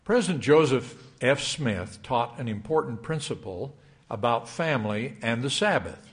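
An older man preaching a sermon. His pitch rises and falls freely as he reads scripture and quotes in a measured, emphatic cadence. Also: expressive. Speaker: church speaker.

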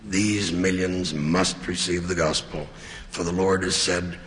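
A man giving an earnest, measured sermon as a church leader. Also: sits low, steady tone, a bit bright. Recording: long reverb of a large hall.

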